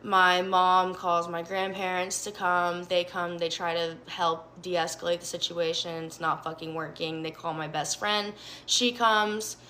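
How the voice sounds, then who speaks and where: A young woman from Alabama telling a casual storytime, profane, animated and self-mocking. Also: lowish voice, a little slow, slight background noise.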